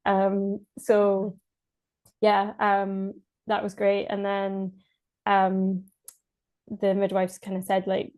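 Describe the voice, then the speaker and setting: A woman's voice: medium pitch, completely flat delivery, takes it slowly, pauses often, a little mellow. A Scottish woman from Scotland, a podcast guest, telling her birth story in casual speech, hesitant with many fillers and restarts and frequent laughs.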